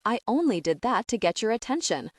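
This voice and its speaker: Woman voicing a dry, practical young gentleman. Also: on the high side, very animated, fairly quick, no echo. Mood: dour.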